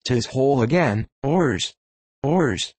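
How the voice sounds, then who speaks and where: A man's voice: fairly low pitch, takes it slowly, dry recording. A man voicing an obsessed old sea captain in an audiobook, crying out in raised, declamatory bursts. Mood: defiant. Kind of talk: audiobook reading.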